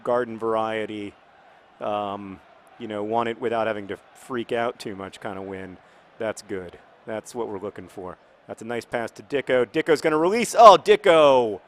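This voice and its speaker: A man's voice: fairly low pitch, normal speed. Guy chatting over a football game, jokey and rambling, bit of street noise in the back. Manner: rambling, jokey, bursts into excited shouts. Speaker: gaming video host. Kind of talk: casual football game commentary.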